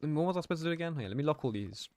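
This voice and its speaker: A man's voice: on the high side, lively intonation, racing, darkish tone, no room sound. A young man streaming a game, chatting casually, reading out his chat and laughing often. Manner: slangy, reads chat aloud, laughs often.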